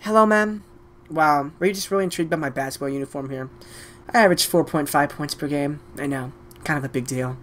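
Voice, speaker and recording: A man's voice: fairly high pitch, fast, a bit bright, a little hiss or hum. Brash, crude-talking man trolling strangers. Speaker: video chat prankster host. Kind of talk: casual video chat.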